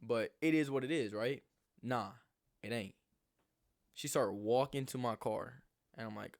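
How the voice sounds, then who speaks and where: A young man telling a storytime vlog in a rambling, animated way, swearing freely. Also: medium pitch, a little slow, pauses often. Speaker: vlogger.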